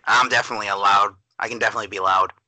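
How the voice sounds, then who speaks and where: Bright, animated New man. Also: lowish voice, rapid-fire, dry recording, rough recording. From Massachusetts. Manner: animated, emphatic, laughs easily. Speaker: podcast co-host. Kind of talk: casual chat.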